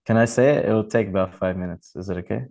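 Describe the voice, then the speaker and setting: Man with a low-pitched voice, easygoing temple speaker telling a story in loose, halting speech. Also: gravelly, darkish tone, poor audio. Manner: rambling, with many fillers and restarts. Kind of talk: informal religious talk and storytelling.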